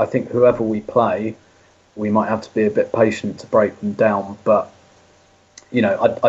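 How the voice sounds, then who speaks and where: A man as a podcast guest, talking in a measured, analytical way with frequent hedges. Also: lowish voice, darkish tone, breathy edge, dull audio. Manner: measured, analytical, hedging with fillers. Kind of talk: casual chat.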